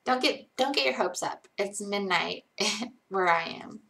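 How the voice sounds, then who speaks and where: A woman's voice: mid-range voice, lively intonation, a little slow, creaky, bright, forceful tone. A tired young woman chatting casually on a live stream, rambling and self-deprecating as she reads chat aloud.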